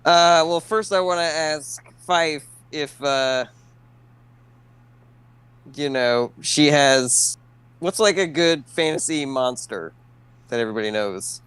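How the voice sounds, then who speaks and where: A man's voice: on the high side, takes it slowly, long pauses, fairly bright tone, clear, resonant tone, dry recording. A man at a tabletop game, teasing his friend wryly in character. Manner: wry, teasing. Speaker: player. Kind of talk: tabletop role-play.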